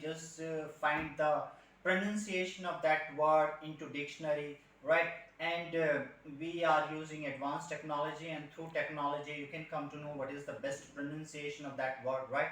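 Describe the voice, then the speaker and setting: A man's voice: fairly high pitch, a bit bright. A man with an Indian English accent teaching a spoken English lesson as a voice and accent trainer, explaining patiently, checking in with "right?" and demonstrating sounds. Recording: very echoey room, voice from a distance.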